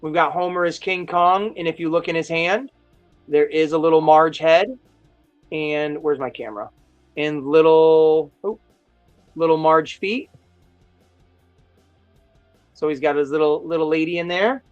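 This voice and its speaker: A man hosting a casual live stream, chatting in a rambling, excitable storytelling way. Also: on the high side, measured pace, long pauses, clean tone, lo-fi sound, faint music behind. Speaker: host of a toy chat live stream. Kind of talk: casual chat.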